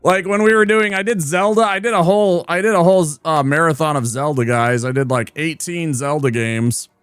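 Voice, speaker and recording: A man's voice: on the high side, a little fast, fairly bright tone, clean tone, no echo. A man streaming and commenting on a game in a playful, teasing, chatty manner. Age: adult. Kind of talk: casual gameplay commentary.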